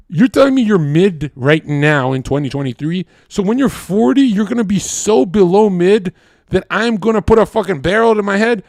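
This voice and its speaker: A man ranting in a profane, loud debate-stream style, acting out voices as he tells stories. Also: high-pitched, animated, normal speed, creaky, no echo, studio quality. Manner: profane, loud, acts out voices mid-story. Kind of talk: heated rant in a debate stream.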